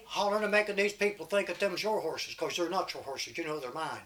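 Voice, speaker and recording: A stern, bossy rich man in a folk tale lays down the law to his poor neighbor, as a high-voiced storyteller puts him on. The voice sits high and carries a scolding edge. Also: fairly quick, a bit bright, close to an everyday voice.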